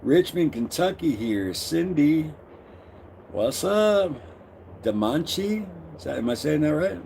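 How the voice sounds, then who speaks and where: A man's voice: on the high side, lively intonation, normal speed, creaky, warm tone, slight background noise. A middle-aged man hosting a casual live stream, greeting viewers by name and reading their comments aloud.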